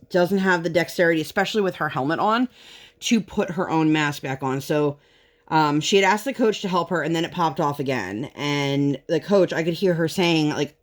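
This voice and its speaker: A woman vlogger and parent telling a story in relaxed, chatty conversation, often drifting into tangents. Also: low-pitched. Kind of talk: casual chat while crafting.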